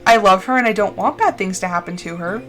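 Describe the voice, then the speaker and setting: A woman streamer chatting casually and expressively while playing a game, full of fillers and quick laughs. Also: medium pitch, a bit bright, soft background music. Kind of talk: casual chat while gaming on a live stream.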